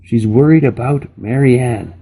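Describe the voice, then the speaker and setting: Man doing a blunt young girl, earnest, insistent, raised pitch, husky. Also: normal speed, warm tone.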